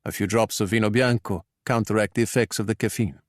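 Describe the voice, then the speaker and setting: A man voicing a wry, reserved male art restorer who speaks in a measured, understated way. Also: fairly low pitch, steady tone, no room sound, studio quality, natural voice.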